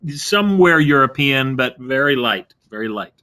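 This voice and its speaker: A man in his fifties, an actor guest in a casual interview, chatty and quick to agree and laugh. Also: mid-range voice, lively intonation, pushed and bright. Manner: chatty, lots of agreeing "yeah" and "right", laughs easily.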